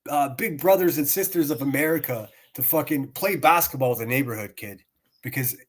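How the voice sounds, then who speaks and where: A man's voice: on the high side, brisk. A man streaming and reacting to clips, ranting in a profane, mocking way and laughing sarcastically at his target.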